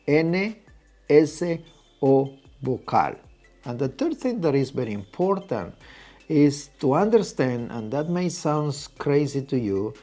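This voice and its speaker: A Spanish teacher explains a lesson at a whiteboard, patiently repeating the key points and drawing out his syllables. His voice is medium-pitched and mellow.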